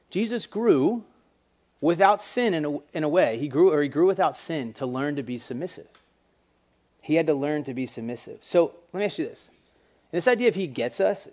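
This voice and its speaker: A man preaching a casual sermon to young people, animated and acting out quoted voices. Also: a little high.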